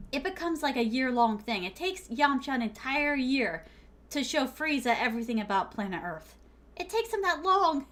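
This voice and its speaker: Woman streamer, casual rambling storyteller, laughs a lot, high voice. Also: a bit bright. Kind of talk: casual game-stream chatter.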